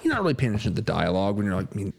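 A man's voice: on the low side, sing-song, very fast, vocal fry, breathy edge. A man chatting casually as a podcast co-host about a film, rambling and repeating himself. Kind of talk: casual movie review chat.

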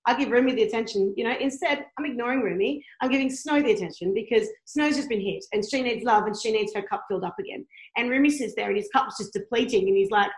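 Fast-talking, passionate woman in a roomy space. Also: fairly high pitch. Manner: passionate, blunt, swears freely. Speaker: guest, blogger who tours. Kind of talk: candid conversational podcast chat.

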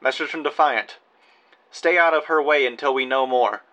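A man's voice: medium pitch, moderate pace, sharp tone, natural voice, rough recording. A man voicing a terse armband message relay. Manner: terse dispatch-style messages.

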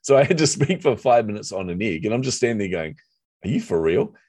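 A middle-aged man with a New Zealand accent, telling a personal story in a lively, self-deprecating way during a conversation. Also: lowish voice, fast, no room sound, clean studio sound. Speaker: author and marketer, guest.

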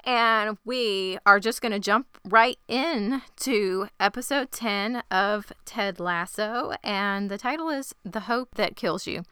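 Woman podcast host, 30s; bright, crisp, dry close sound; bubbly casual recap. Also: medium pitch, takes it slowly, few pauses, no room sound. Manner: bubbly, acts out quoted lines.

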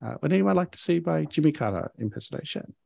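A man voicing a shy foreign man with a high, squeaky voice who speaks in a halting, awkwardly polite way. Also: expressive, creaky, darkish tone, dry recording, exaggerated voice. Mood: timid.

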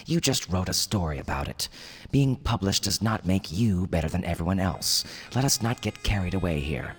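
A man's voice: deep voice, lively intonation, normal speed. A man voicing a haughty cosmic being made of coppery bubbles, with a hissing metallic timbre and a condescending manner. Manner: aloof, condescending.

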